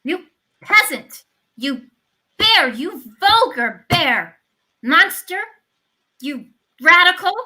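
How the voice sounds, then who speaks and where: A woman's voice: a little high, animated, a little slow, pushed and bright, full character voice, poor audio. A woman voicing a proud young widow who declaims with theatrical indignation, in a stage play read over a video call. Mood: indignant. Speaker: actor in a live online reading.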